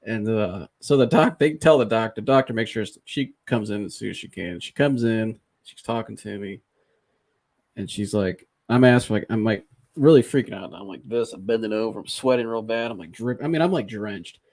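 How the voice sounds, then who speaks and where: A man hosting a podcast, casually and candidly retelling a personal experience in an animated, conversational way. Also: on the low side, moderate pace. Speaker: podcast host.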